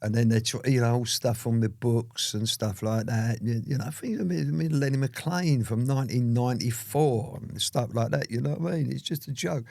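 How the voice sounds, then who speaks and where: A man's voice: mid-range voice, normal speed, gravelly, hardly any pauses, darkish tone, no room sound. A man, an interview guest telling his story in a rambling, casual way full of "you know".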